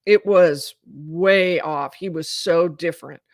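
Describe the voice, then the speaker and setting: A woman's voice: on the low side, slow, dry recording, clean studio sound. A woman lawyer giving live legal commentary in an explanatory, emphatic way.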